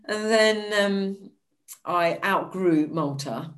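Lively woman telling stories. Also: very slow, poor audio. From United Kingdom. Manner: lively storyteller, acts out quotes with high bright exclamations. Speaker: podcast guest. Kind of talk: casual storytelling interview.

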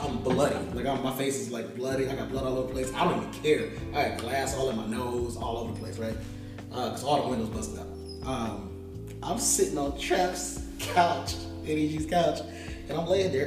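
A man telling a long story in a casual, animated way, full of slang and laughs. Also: medium pitch. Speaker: musician guest. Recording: echoey room, distant mic, music behind.

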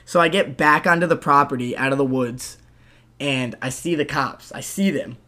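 A young man telling a rowdy story on a casual podcast, animated, swearing and saying "dude" a lot. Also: mid-range voice, normal speed.

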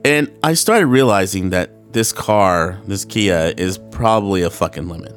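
Man, low voice, solo podcast host, rambling, cursing, laughing often, faint guitar music behind. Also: a little slow. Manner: acts out voices in quoted dialogue.

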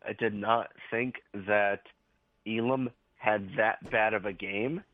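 A man's voice: fairly low pitch, steady tone, slow, dry recording. A man calling in as a guest to a sports talk show, rambling through his points. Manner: rambling, loose train of thought. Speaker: phone-in guest. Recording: tinny phone line.

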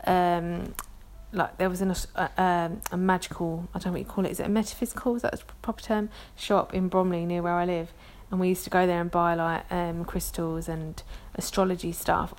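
A woman's voice: lowish voice, darkish tone. Chatty woman with a London accent. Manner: chatty, rambling, self-deprecating, many ums. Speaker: podcast host. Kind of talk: casual solo podcast chat.

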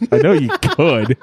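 A man's voice: on the high side, darkish tone, husky. A man co-hosting a podcast, firing off crude dad jokes and laughing at them. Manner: laughs at his own jokes. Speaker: podcast co-host. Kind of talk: crude banter.

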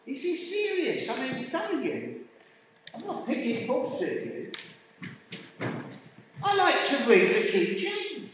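A middle-aged man with a Hertfordshire English accent preaches to his congregation, talking with them and asking them questions in a high, lively voice at an unhurried pace. He is recorded from a distance in a community centre hall with a long, booming echo. The sound is dull, with faint room ambience behind him. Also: background noise. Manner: conversational, asks the congregation questions. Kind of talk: sermon.

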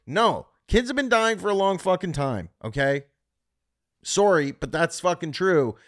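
A Canadian comedian with a high, animated male voice hosts his own podcast, delivering a blunt, profane solo rant at a fast clip.

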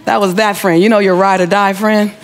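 Animated woman giving a motivational speech. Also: medium pitch, brisk. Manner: animated storyteller, acts out quoted voices; audience-directed, repeated rhetorical questions. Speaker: motivational speaker. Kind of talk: inspirational speech.

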